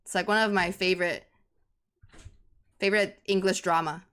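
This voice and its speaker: A woman from Taiwan with a Taiwanese accent, a native Mandarin speaker, doing chatty, excitable live esports commentary in English. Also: lowish voice. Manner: excitable, chatty, quick to laugh and gasp. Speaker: esports caster.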